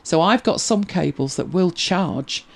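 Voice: mid-range voice, expressive, measured pace, creaky. A chatty host, laughing easily and answering viewer questions in casual talk. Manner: chatty, laughs easily, repeats words when starting. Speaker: host of a tech help show.

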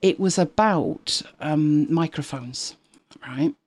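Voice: medium pitch, slow, darkish tone, dry recording. A host of a tech live show chatting casually, rambling with frequent restarts and exasperated asides. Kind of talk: casual chat.

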